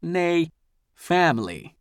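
A man voicing an older male ship leader in an audiobook, speaking in a grandfatherly, theatrical, deliberate way. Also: fairly high pitch, big pitch swings, clean tone, no echo, studio quality, voice pushed up. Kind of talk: audiobook character voice.

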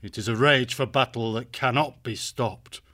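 A grave young badger warrior from a storybook drama, as a man plays him, earnest and steady. He speaks at a mid pitch, solemn and protective. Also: normal speed, natural voice. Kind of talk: full-cast audiobook acting.

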